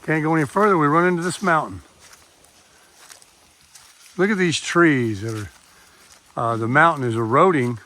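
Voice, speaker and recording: A man's voice: on the high side, normal speed, pauses often, bright, forceful tone. Older male trail vlogger, chatty and folksy, camera mic outdoors in the woods. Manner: chatty, talks to viewers while walking. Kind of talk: casual hiking vlog. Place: wooded hiking trail outdoors. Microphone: camera mic, no external microphone.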